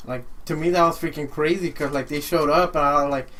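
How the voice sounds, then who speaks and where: A young man in casual chat with his friends. His voice is notably high, and he keeps laughing as he talks. He tells his stories loosely, full of filler words. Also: fairly even intonation, fairly quick, sharp tone, a little hiss or hum. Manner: laid-back, laughs often, many fillers. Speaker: podcast regular.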